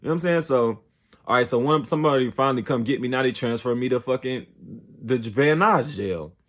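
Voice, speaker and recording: Young man, casual storytelling, heavy slang and cursing, jumps higher when reliving arguments. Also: fairly quick. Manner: profane slang-heavy street talk, repeating "you know what I'm saying"; voice jumps higher and louder when replaying heated exchanges. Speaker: storyteller host.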